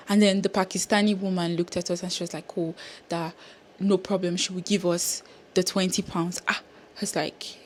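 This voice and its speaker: A young woman, telling a travel story to camera in an animated, exasperated way. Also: on the low side. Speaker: travel vlogger.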